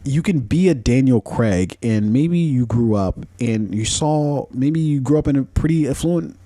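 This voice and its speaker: A man's voice: mid-range voice, expressive, measured pace, warm tone, no room sound. A man hosting a casual podcast, rambling and swearing freely, with lots of fillers and chuckles. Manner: profane, rambling, with frequent fillers and laughs. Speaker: podcast host.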